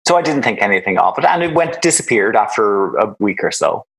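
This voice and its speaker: A man in his fifties with an Irish accent, telling his story as an interview guest in a measured way. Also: fairly low pitch, big pitch swings, creaky, a bit bright, poor audio. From Ireland. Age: 50s. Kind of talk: conversational interview.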